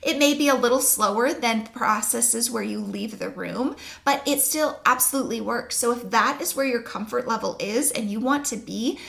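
A woman sleep coach explaining her methods to parents in a calm, reassuring, step-by-step way. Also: a little high, normal speed, gravelly, few pauses. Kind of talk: instructional talk to camera.

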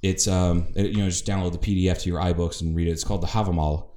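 A man's voice: sits low, steady tone, quick pace, mellow. A man from the northern United States co-hosting a podcast in casual chat, rambling through tangents and swearing freely. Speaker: podcast co-host. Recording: roomy echo.

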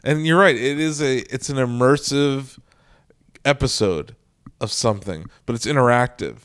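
A man in casual chat as a podcast co-host, with a smooth and resonant voice at a middle pitch. He explains his views earnestly and talks at length. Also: moderate pace.

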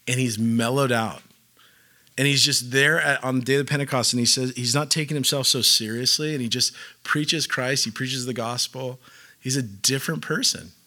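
Bright-voiced casual preacher man. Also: mid-range voice. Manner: conversational, filler-heavy, acts out quotes. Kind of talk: casual sermon.

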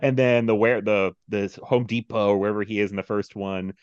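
A man's voice: fairly low pitch, brisk, clear, resonant tone, no room sound, lo-fi sound. A man hosting a casual movie podcast, telling stories with lots of laughs and mimicking people. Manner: animated storyteller, mimics people, laughs often. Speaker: podcast host.

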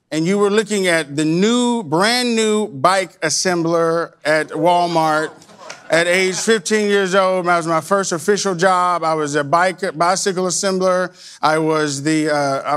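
A man's voice: high-pitched, a bit bright, clean tone. A man from Arkansas, telling a personal story in a rambling way with many restarts. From Arkansas, USA. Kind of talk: personal anecdote.

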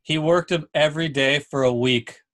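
A young man hosting a casual chat, telling a lively story and checking in with "right?" and "dude". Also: a little high, moderate pace.

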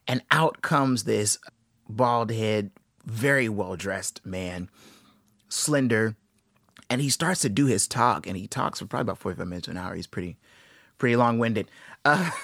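A young man in his twenties hosting a podcast, telling stories in a casual, animated and enthusiastic way with playful asides. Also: mid-range voice, no room sound, clean studio sound. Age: 20s. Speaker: podcast host. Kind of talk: casual storytelling monologue.

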